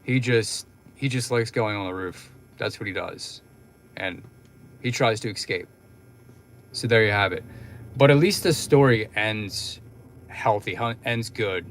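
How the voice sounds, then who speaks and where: A young livestream host from Philadelphia, United States, rambles casually through a long story, full of fillers and restarts. His voice is lowish and measured, with frequent pauses, and there's a little hiss or hum in the audio.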